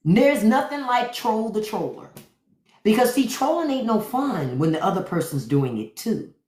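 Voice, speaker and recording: A woman's voice: medium pitch, sing-song, moderate pace, a little mellow. A woman hosting a livestream, giving blunt, profane, mocking commentary straight to her viewers. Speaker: livestream host. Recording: roomy echo.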